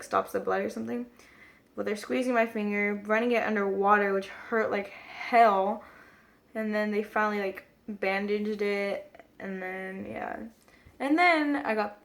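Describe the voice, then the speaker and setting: A woman's voice: mid-range voice, vocal fry. A woman vlogging a casual storytime, rambling with lots of "like" fillers, talking to her camera mic.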